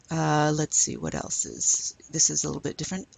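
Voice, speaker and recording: A woman teaching French in a recorded lecture, slowly modelling pronunciation for students to repeat. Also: low-pitched, very animated, vocal fry, a little mellow, husky, dry recording.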